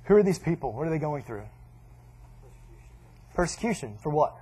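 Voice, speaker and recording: A man's voice: on the high side, sing-song, quick pace, mellow, husky. A man preaching a casual sermon, conversational and joking, often quoting people in voices. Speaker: pastor.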